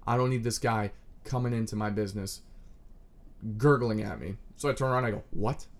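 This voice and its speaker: A young man in his twenties, riffing in a crude, self-mocking, scattered comedic monologue with sudden loud outbursts. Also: lowish voice, fairly even intonation, fairly quick.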